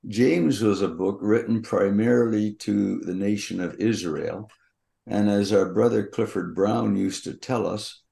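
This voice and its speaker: An older man on a Bible podcast, slowly teaching and reading scripture aloud in a measured way. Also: lowish voice, gravelly, mellow.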